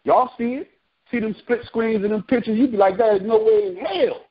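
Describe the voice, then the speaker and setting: A husky, high-pitched man preaches a little fast, reading scripture and then breaking into casual slang asides. He's a street preacher, and the recording's highs are cut off.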